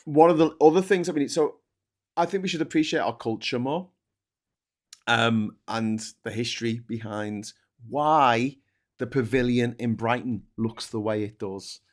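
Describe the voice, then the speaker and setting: A man's voice: medium pitch, moderate pace. Sweary, blunt man. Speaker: co-host. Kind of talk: casual political chat. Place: remote video call.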